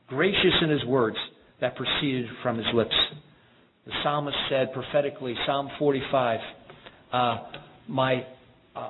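A man preaching a sermon in an earnest, measured way, reading scripture passages aloud. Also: medium pitch. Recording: tinny phone-like sound with background noise.

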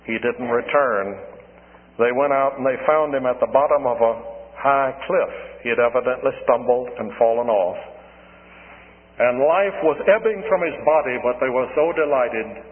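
A man preaching a sermon on the radio, earnest and deliberate, pressing hard on key words. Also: medium pitch. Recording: narrow phone-like old radio broadcast with long reverb.

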